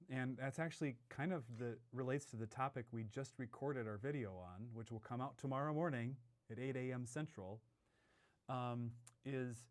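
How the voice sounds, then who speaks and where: A man's voice: medium pitch, darkish tone. Chatty man reading viewer comments. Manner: chatty, laughs often, jokes. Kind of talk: casual livestream chat.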